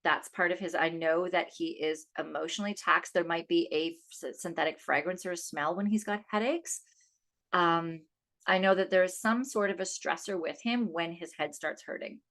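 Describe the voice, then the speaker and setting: Woman, 30s, podcast host, slightly low pitch, casual storytelling, chatty, animated. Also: normal speed. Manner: chatty, animated retelling with quoted dialogue.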